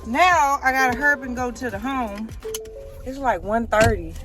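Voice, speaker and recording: A woman vlogging on a phone, talking loud and profane as she calls her viewers y'all and honey. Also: on the high side, normal speed, music in the background. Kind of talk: casual vlog chat. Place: in a car and around a store.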